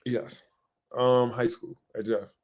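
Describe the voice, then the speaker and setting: A young man co-hosting a podcast, telling a story in casual chat, animated and swearing freely as he acts out what he said back then. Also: medium pitch, takes it slowly. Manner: animated, swears a lot, acts out his own past lines. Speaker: podcast co-host.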